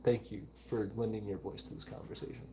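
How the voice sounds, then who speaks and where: A young man with a mild Southern accent from Alabama hosts a live stream and reads comments aloud. His voice is low and mellow, with little rise and fall. He talks in an earnest, pleading way and often repeats himself. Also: little pitch movement, fast talker, slight background noise. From Alabama, United States.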